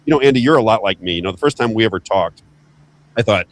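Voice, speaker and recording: Fast, emphatic male talk show host. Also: on the low side. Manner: emphatic, excitable, repeats himself. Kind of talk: political talk show chat.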